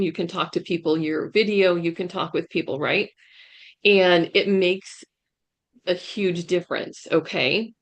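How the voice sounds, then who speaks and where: A woman career coach giving a webinar talk over a video call, emphatic and often checking in with "right?". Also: on the low side. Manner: emphatic, keeps asking "right?". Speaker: career coach, guest speaker. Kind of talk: webinar presentation.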